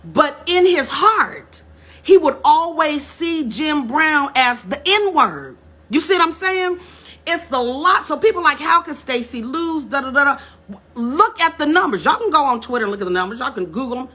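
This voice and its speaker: Speaking to camera in a casual vlog, this woman tells her viewers a story, addressing them as y'all. She sounds high-pitched, animated and pushed-bright at a normal speed, repeating herself as she works up to emphatic points.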